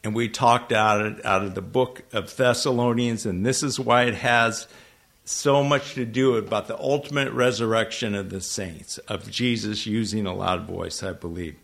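A man preaching to a congregation, talking to them conversationally and asking them questions, with sudden loud emphasis and frequent self-corrections. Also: fairly low pitch, steady tone, normal speed, vocal fry. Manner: restarts and self-corrections when tongue-tied. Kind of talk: sermon. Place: church hall with a congregation.

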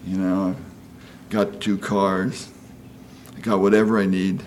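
The preacher, a man in his sixties, talks through his sermon in a friendly, down-home manner, regularly asking "you know?" and voicing the people he quotes. His delivery is low, flat, slow and a little mellow, with slight background noise.

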